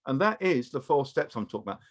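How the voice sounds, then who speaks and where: A man with a British accent presenting a training webinar over a video call, giving advice in a calm, measured way. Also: mid-range voice.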